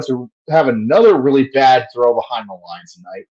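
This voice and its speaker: A man's voice: mid-range voice, animated, normal speed, a little mellow, muffled recording. A man giving casual play-by-play commentary on a fan livestream, profane and frustrated, ranting between plays.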